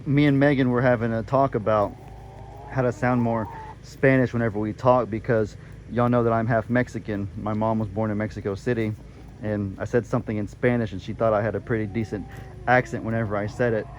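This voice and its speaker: A man's voice: fairly low pitch, steady tone, fairly quick, muffled recording, slight background noise. A man, chatting casually to viewers on his farm vlog. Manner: laid-back, talks to viewers as y'all. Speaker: farm vlogger. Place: outdoors on a farm.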